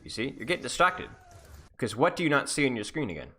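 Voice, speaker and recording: A man in his twenties or so gives one-on-one game coaching with a lively, teasing delivery. His pitch swings widely, from low grumbles up to high squeals, in a middle-range voice. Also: quick pace. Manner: animated, teasing, jumps between high and low.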